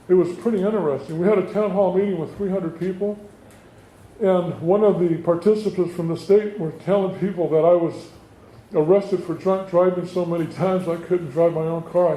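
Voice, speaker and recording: A politician giving a campaign stump speech to residents, telling stories and acting out the quoted dialogue. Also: male voice, on the high side, warm tone. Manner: storytelling, acts out quoted dialogue. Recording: roomy hall, faint background noise.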